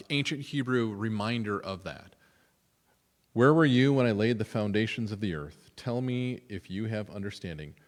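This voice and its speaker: A man teaches an adult class in a church room, talking casually and turning to the group with questions now and then. His voice sits at an ordinary middle pitch. A long reverb from the hall trails after his words. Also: a bit bright. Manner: chatty, asks the group questions, reads scripture aloud. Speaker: adult forum leader at a church. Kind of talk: conversational church adult-education talk.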